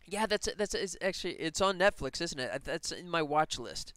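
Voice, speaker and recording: A man's voice: on the high side, animated, takes it slowly, fairly bright tone, clear, resonant tone, no room sound, clean studio sound. A man chatting casually on a live stream while working on a game, rambling and laughing as he talks. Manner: rambling, enthusiastic, laughs often.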